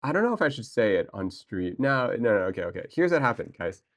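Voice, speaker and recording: This streamer speaks fast at a medium pitch, excitably answering chat in a loose, rambling way full of restarts as he talks casually with viewers.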